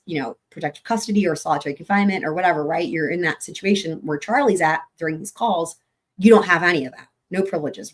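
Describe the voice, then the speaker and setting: A woman hosting a true-crime livestream, her voice still recovering from losing it, talking bluntly and emphatically and swearing freely. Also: on the low side. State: voice still recovering after a week without it. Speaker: host.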